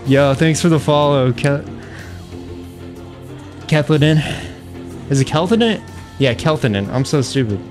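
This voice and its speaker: A man's voice: a little high, animated, unhurried, long pauses. Frustrated young male streamer talking to chat. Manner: frustrated, chatty, laughing, swearing. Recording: faint music behind.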